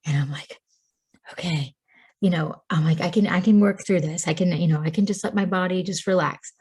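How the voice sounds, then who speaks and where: A woman's voice: fairly low pitch, brisk, a little mellow, husky. A woman in her thirties from Tennessee, a podcast guest telling a personal story in a chatty way, laughing often and saying "like" a lot. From Tennessee, USA. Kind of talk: casual storytelling.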